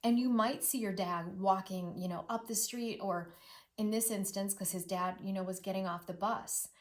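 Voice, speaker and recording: Expressive woman teacher reading aloud. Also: mid-range voice, normal speed. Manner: expressive, drops to a hushed near-whisper at sad moments; repeats words rhythmically, echoing the poems. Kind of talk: read-aloud lesson for children.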